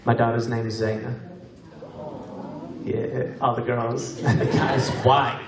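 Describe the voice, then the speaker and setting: A man's voice: medium pitch, level tone, takes it slowly, heavy background noise. Man doing stand-up crowd work. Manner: laughing, joking with the audience. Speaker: stand-up comedian. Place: large venue with live audience. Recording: echoey venue recorded from a distance, crowd laughter.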